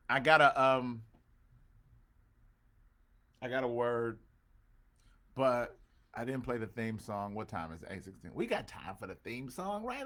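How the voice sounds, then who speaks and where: A man's voice: mid-range voice, bright, forceful tone. A man, a pastor hosting an online show, talking casually with his congregation and calling out to viewers by name, with preacher-like swells. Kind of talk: casual livestream talk with a congregation.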